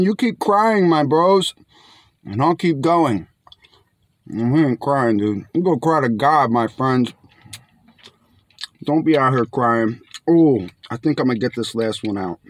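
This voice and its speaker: Outdoors under bright sun, a young man casually reviews canned fish, chatty and laid-back, and he keeps calling viewers his friends. His voice sits on the high side, with no echo.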